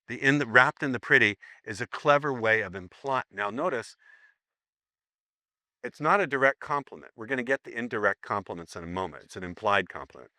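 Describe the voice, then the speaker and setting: A man's voice: mid-range voice, animated, brisk, bright, forceful tone, no room sound. A man teaching a live seminar, joking and rambling as he acts out sample lines for the room. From United States.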